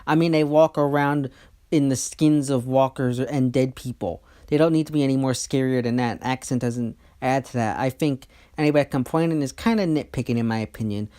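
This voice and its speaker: A YouTube host talks casually through a TV trailer, giving opinions and predictions. The delivery is chatty and a bit halting, with frequent restarts and self-corrections. The voice sits in a middle pitch. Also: mellow. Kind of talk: casual trailer breakdown commentary.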